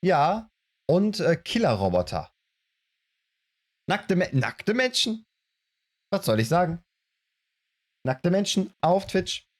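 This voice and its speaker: A man live-streaming a video game, chatting casually and greeting viewers with animated reactions. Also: sits high, slow, long pauses. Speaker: let's play streamer. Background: game music.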